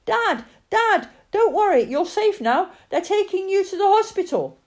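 Give me a woman voicing a young boy in a read-aloud story, squeaky high and lively. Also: unhurried, full character voice. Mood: excited. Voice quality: high and loud. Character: young boy, anxious then overjoyed.

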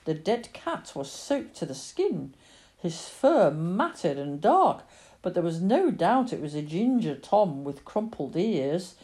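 A woman narrating a storybook in a mellow, low voice. Her reading is expressive, with a wide, lively pitch swing. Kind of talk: audiobook reading.

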